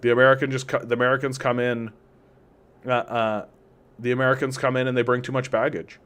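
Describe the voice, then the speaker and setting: A man's voice: mid-range voice, level tone, brisk, fairly bright tone, clean tone. A man hosting an unscripted political commentary stream, talking casually and rambling, reading chat comments and acting out imagined quotes in mocking voices. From Canada.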